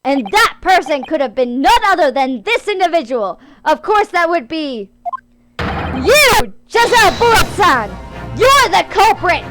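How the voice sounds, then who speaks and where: A blunt young male defense lawyer, played by a woman. His accusing lines swing high and lively. Game music plays underneath. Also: normal speed, few pauses. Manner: blunt, accusing, rough-edged.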